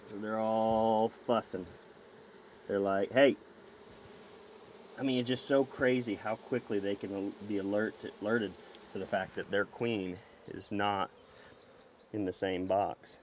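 A man vlogging outdoors as he works a beehive, talking to the camera in an excited, folksy way. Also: fairly low pitch, unhurried, slight background noise. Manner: excited, folksy, talks to camera while handling hives. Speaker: beekeeper vlogger. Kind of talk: casual outdoor narration while working. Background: buzzing bees.

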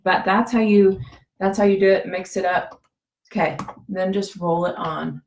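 A woman with a scratchy, gravelly voice, giving a chatty how-to demonstration, rambling with many fillers and restarts. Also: mid-range voice, fairly even intonation, normal speed, a little mellow, echoey room. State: scratchy voice from a cough. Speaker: essential oil demonstrator.

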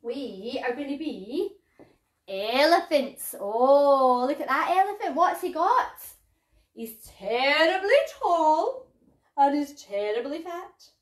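A woman leading a live baby music session, playful and animated, gasping and singing nursery rhymes to the little ones. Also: high-pitched, far from the mic. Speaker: children's music session leader. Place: community centre room. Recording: roomy echo, voice off-mic, backing music.

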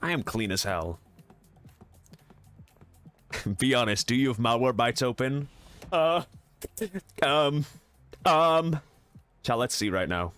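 A goofy young man streaming a game, talking to chat in a lively, swooping voice. He jokes around, swears and repeats himself for laughs. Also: medium pitch, slow, long pauses, clean tone, soft background music. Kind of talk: casual gaming stream chat.

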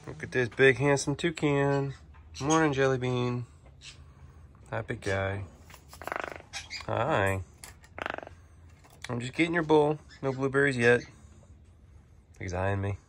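A man's voice: mid-range voice, slow, long pauses, fairly bright tone, a little hiss or hum. A man keeping an animal sanctuary, chatting casually to viewers as he feeds the animals and talking to them affectionately. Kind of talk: casual vlog while feeding animals.

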